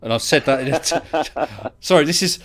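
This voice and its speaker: A man's voice: fairly high pitch, moderate pace, fairly bright tone. A man hosting a live stream, chatting casually and laughing often. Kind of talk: casual chat. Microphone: voice chat call.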